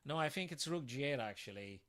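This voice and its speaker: A man's voice: mid-range voice, lively intonation, a little fast, a bit bright. A man streaming live chess puzzles, thinking aloud to his viewers and breaking into sudden frustrated outbursts.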